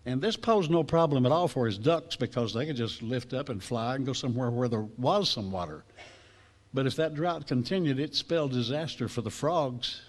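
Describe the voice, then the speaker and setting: A man preaches a sermon to a class in a mid-range voice at normal speed. He's a lively storyteller, acting out the voices in the quotes.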